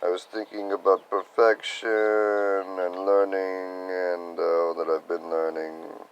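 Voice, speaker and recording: A young man talking in a rambling personal video diary about spiritual reflections, sounding congested and tired, soft-spoken and hesitant. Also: sits low, little pitch movement, takes it slowly, clear, resonant tone, lo-fi sound. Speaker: vlogger sharing spiritual reflections.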